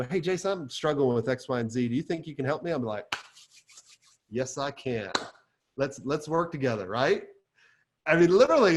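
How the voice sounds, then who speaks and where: A man giving a live talk to an audience as an agency coach, chatty and energetic, full of fillers as he tells stories. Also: medium pitch.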